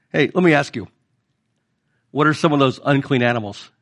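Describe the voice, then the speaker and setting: A man's voice: medium pitch, fairly bright tone. A middle-aged male pastor preaching a conversational sermon and putting questions to the congregation.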